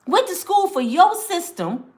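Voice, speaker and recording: A woman's voice: very high-pitched, very animated, unhurried. A woman, ranting angrily to camera, swearing and repeating herself. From Michigan, US. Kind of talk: angry personal rant.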